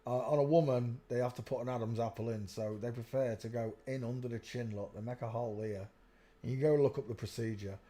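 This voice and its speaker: A man's voice: medium pitch, fairly even intonation, a little fast, dark tone. A man hosting a live stream, talking casually in a rambling way and often telling viewers to look at pictures. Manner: rambling, keeps saying "look" while pointing at pictures.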